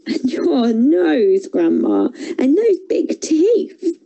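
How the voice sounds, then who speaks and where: A woman voicing a carefree young girl in a storybook, asking high, wide-eyed questions. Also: sing-song, extremely slow, vocal fry, mellow, lo-fi sound, heavily acted. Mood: puzzled. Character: young girl, Little Red Riding Hood, carefree.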